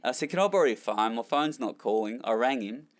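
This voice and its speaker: A young Australian man, a former jockey and trainer, is the guest on a podcast, telling rambling, self-deprecating stories candidly. His mid-range voice is fast with lively intonation.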